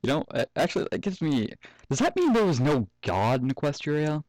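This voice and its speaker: A man's voice: a little high, very animated, brisk, a little mellow, no echo, poor audio. A young man reading a fan story aloud at home, often breaking off to joke, swear and laugh. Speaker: fanfic reader. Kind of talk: casual story reading with asides.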